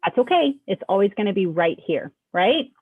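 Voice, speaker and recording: A woman's voice: medium pitch, big pitch swings, moderate pace, breathy edge. A woman on the staff of a school hosting a casual announcement show, chatting as she walks students through the school website over a video call. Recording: dry, tinny phone-like call audio.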